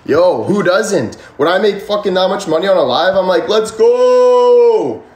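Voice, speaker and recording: A man's voice: high voice, expressive, brisk, roomy sound. A young man hosting a casual livestream, talking passionately and swearing a lot as he rambles and answers chat. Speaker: livestream host. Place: room indoors. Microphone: phone or camera at a distance.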